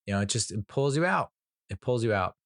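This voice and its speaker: A podcast host with a fairly low, expressive voice talks a little fast as he casually reviews a film. He rambles and swears, using lots of fillers and restarts, and chuckles at his own jokes. The recording is dry and studio-clean.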